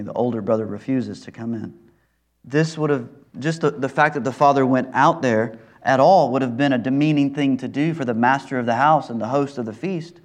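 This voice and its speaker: A male preacher giving an earnest expository sermon, repeating phrases for emphasis. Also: medium pitch.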